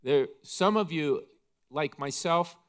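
A man preaching from the pulpit, his voice sitting a bit higher than most men's. He takes his time, pausing and stretching phrases for weight. The delivery is impassioned and emphatic. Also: animated, clean tone. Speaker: pastor. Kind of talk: sermon. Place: church.

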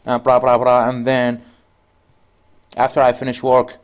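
A man's voice: mid-range voice, monotone, a little slow. Man teaching in a loose storytelling way. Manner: loose storytelling full of "you know" and "goes like". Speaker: networking instructor. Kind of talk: casual screen-share tutorial.

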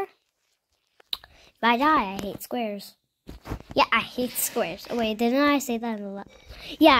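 Her voice on the high side, a female gaming host talks casually over her gameplay. She's chatty and playful, chants repeated words, and frequently drops to a soft near-whisper.

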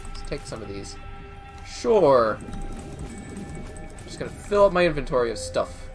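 A man giving chatty let's play commentary, talking to himself as he plays, with quick exclamations and bursts of laughter. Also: mid-range voice, big pitch swings, soft background music. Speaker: gaming streamer.

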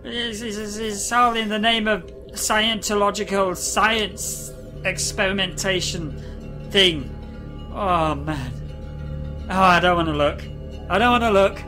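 A man commentating a video game, excitable and sweary, often laughing. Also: sits high, slow pace. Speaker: gamer. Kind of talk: let's play commentary. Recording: game music behind the voice.

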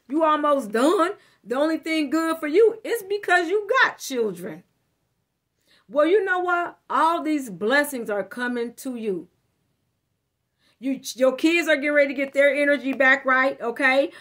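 High-voiced blunt profane woman tarot reader. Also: a bit bright. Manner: emphatic, addresses listener directly. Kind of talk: casual tarot reading monologue.

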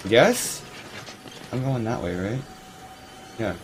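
A man's voice: lowish voice, drawn-out words, long pauses, a little hiss or hum. A man casually commenting while he plays a video game, swearing often and laughing at it. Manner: profane, laughing, talks to the game. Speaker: streamer. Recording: game music playing behind.

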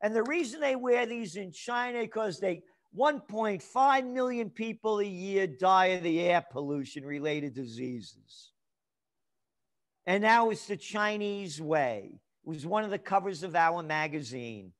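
A man speaking as a guest trend forecaster in an interview, ranting angrily and profanely and breaking into shouts. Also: sits high, lively intonation, unhurried. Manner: angry, profane, shouts in bursts. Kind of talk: heated interview rant.

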